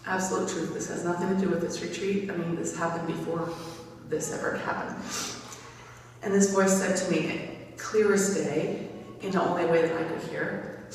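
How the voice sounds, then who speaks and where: A woman's voice: lowish voice, fairly even intonation, normal speed. Woman testifying in an echoey hall. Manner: earnest, conversational, with frequent restarts. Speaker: campus minister giving a retreat talk. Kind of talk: personal testimony storytelling. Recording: echoey hall recording from far off.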